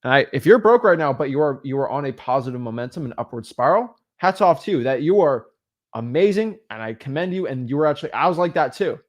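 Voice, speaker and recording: A man co-hosting a livestream, talking in an animated, coaching way and acting out conversations, with many "right?" and "like" fillers. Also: mid-range voice, fast. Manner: animated, acts out quoted dialogue, frequent "right?" and "like". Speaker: co-host of real estate livestream. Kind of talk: motivational livestream talk.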